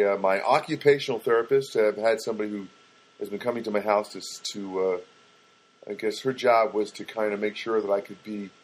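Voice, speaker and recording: A middle-aged man riffs in a loose, rambling comic monologue, wry and self-mocking. His voice sits at a mid pitch. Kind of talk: casual comedic monologue.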